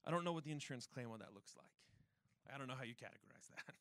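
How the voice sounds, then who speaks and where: A man's voice: mid-range voice, fast talker, dry recording. A male pastor preaching a sermon, telling stories with rhetorical questions. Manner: animated storytelling with rhetorical questions. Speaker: church pastor.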